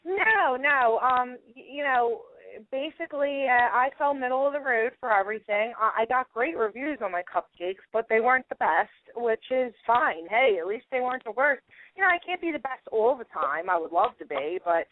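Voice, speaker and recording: A young adult woman with a Philadelphia accent, chatting as a guest on a radio interview, quick to laugh and full of "like" and "you know.". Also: a little high, animated, a little hiss or hum. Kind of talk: casual phone interview. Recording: tinny phone line, dry.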